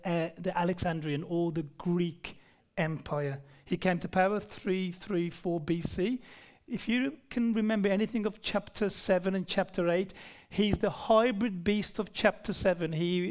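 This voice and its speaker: A man's voice: high voice, darkish tone. A man preaching a Bible-study sermon in a conversational style, often putting questions to the congregation. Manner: conversational, asks the congregation questions, frequent restarts.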